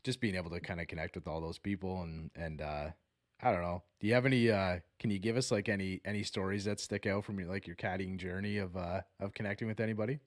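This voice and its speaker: Man, podcast host, low voice, casual rambling chat, lots of fillers. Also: quick pace. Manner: relaxed, rambling, many fillers.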